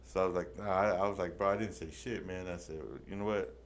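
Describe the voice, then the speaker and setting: Male podcast co-host, low voice, slangy storyteller who mixes in Spanish, faint background noise. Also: fairly even intonation, fast talker. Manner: profane slang-heavy storytelling, Spanish words mixed in. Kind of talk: casual storytelling chat.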